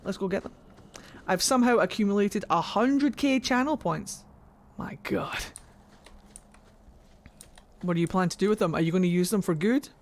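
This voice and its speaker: A woman's voice: medium pitch, moderate pace, long pauses. A woman streaming a game, chatting in a goofy, rambling way to her viewers. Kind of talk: casual gameplay commentary. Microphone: desk microphone.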